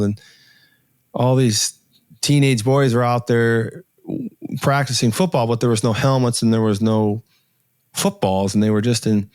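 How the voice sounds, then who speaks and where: A man in his sixties, a podcast guest, telling a personal story in an earnest, halting way with many restarts and pauses. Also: fairly low pitch, a little mellow, clean tone, no room sound, studio quality. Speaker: podcast guest, author and entrepreneur.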